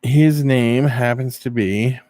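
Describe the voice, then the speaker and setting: A man hosting a casual live stream, telling animated stories and answering viewers' chat. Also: medium pitch, slow pace, dry recording. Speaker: live-stream show host.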